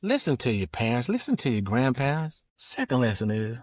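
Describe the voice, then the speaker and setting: A middle-aged man from Georgia, telling folksy, animated stories from his childhood. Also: medium pitch, fairly quick, dry recording, studio quality. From Georgia, USA. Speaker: podcast host. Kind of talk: casual storytelling.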